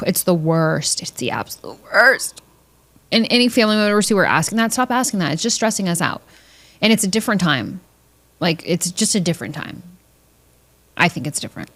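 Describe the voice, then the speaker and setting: Woman podcast host, lower voice, casual monologue, profane and jokey, mimics relatives with squeaky put-on voices. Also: lively intonation, normal speed. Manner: blunt, profane, jokey, mimics family members in high voices.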